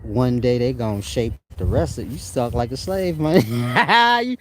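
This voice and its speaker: A man's voice: mid-range voice, animated, measured pace. A man talking casually to his online audience in a slangy, rambling way, laughing often as he reads and answers viewer comments. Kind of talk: casual spoken monologue.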